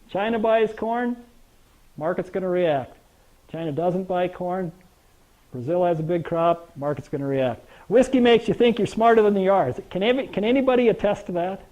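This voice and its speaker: An older man giving a presentation to a live audience, telling folksy stories, joking with the crowd and tossing out rhetorical questions. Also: sits high. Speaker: grain marketing presenter. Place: meeting room with an audience. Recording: dull lo-fi recording.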